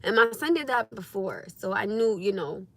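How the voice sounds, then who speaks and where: A young woman hosting a casual livestream, telling stories to her viewers in a lively, expressive way with frequent laughs. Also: medium pitch, moderate pace, slight background noise. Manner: animated storytelling, laughs often, acts out her own past speech. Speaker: livestream host.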